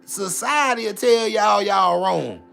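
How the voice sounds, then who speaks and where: A man giving a casual, preachy monologue, swinging between loud preaching and muttered asides, with repeated filler tags. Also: sits high, slow pace, creaky, faint music behind. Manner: repeats filler tags like "you know what I'm saying". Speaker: vlogger.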